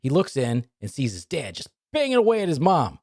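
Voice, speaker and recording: A man co-hosting a comedy podcast and telling jokes, with a teasing, deadpan manner. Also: mid-range voice, brisk, husky, no echo, studio quality. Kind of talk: casual comedy podcast banter.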